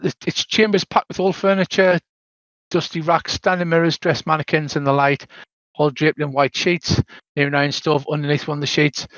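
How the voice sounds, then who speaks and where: Older British game master narrating a spooky tabletop adventure, dry and slightly muffled call audio. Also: male voice, fairly high pitch, level tone, normal speed, fairly bright tone, dry recording.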